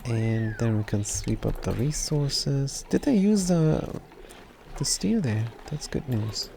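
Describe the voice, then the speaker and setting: A man's voice: medium pitch, expressive, takes it slowly, gravelly, warm tone, a little hiss or hum. A German man in his sixties with a German accent, chatting casually and teasingly while live-streaming a game. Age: 60s.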